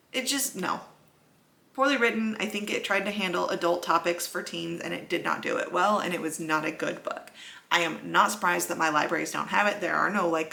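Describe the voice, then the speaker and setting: Gravelly, bright-voiced woman vlogger. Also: fairly low pitch. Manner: blunt and profane. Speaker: book vlogger. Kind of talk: casual ranting vlog.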